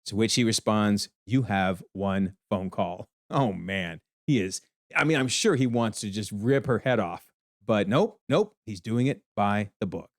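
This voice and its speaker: A man giving an animated TV episode breakdown, exclaiming often as he comments. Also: lowish voice, moderate pace, dry recording, studio quality. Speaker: video commentator.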